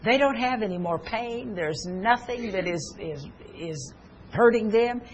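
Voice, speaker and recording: A woman's voice: mid-range voice, animated, a little slow, a little hiss or hum. An older woman preaching a sermon in an earnest, personal way, mixing scripture with stories from her own family.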